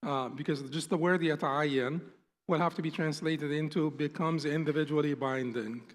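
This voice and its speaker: Man lecturing, slightly high voice, echoing hall. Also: fairly even intonation, a little fast. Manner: patient, explanatory, often rephrases and restates terms. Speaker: instructor. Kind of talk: classroom lecture.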